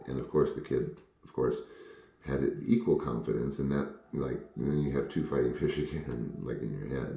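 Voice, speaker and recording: Man, very low dark voice, casual rambling storyteller, frank and full of fillers. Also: creaky, roomy sound, lo-fi sound. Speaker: former child actor telling stories.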